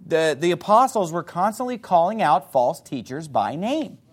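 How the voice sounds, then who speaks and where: A man preaching a sermon as pastor, quoting scripture and forcefully denouncing false teaching. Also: moderate pace, slightly rough. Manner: animated pitch swings for emphasis.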